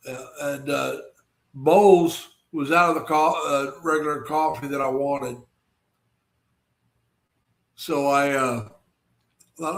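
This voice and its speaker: A man's voice: fairly high pitch, a little slow, pauses often. A man hosting a casual livestream, rambling and greeting viewers by name with lots of fillers and restarts. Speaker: livestream host.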